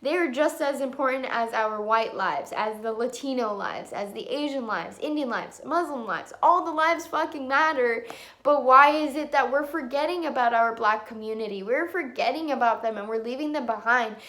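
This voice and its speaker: A woman's voice: a little high, moderate pace, fairly bright tone. A young woman vlogging her opinions at home into a camera mic, angry and emphatic, swearing often. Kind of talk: impassioned opinion vlog.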